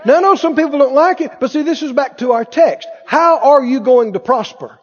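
A man's voice: very high-pitched, fairly quick, a faint crowd. A man preaching a sermon as pastor, with fervent, repeated declarations. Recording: dull sound in a reverberant hall.

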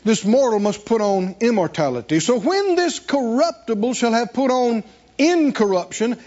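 This sermon comes from a male pastor whose high, lively voice rises and falls dramatically. He reads from scripture and tosses rhetorical questions at his congregation, all captured in dull, lo-fi audio that seems recorded in a church.

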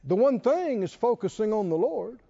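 A man's voice: sits high, very animated, normal speed, vocal fry, warm tone, breathy edge, highs cut off. A man preaching a sermon, drawing call-and-response replies from his congregation. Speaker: pastor.

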